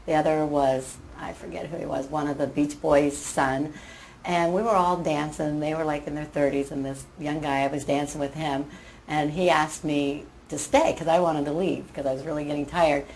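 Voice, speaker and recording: An older woman, a surgery patient, telling a lively anecdote in casual chat and acting out the quotes. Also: low-pitched, normal speed, slight background noise, rough recording. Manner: animated storyteller, acts out quotes, laughs.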